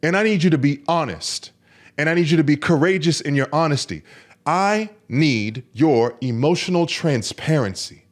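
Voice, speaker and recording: A man's voice: on the high side, expressive, normal speed. A man hosting a podcast, coaching other men in an emphatic, repetitive monologue. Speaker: men's coach and podcast host.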